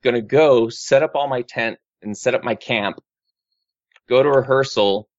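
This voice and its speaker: In a dull, lo-fi recording with no room sound, a man of medium pitch talks at a moderate pace. He's casually chatting in a group of friends, rambling through his news with lots of fillers and restarts.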